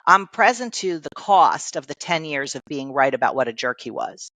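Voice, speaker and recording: A middle-aged woman, a guest coach, telling a personal story in a casual interview, animated and laughing often. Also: sits low, moderate pace, no room sound.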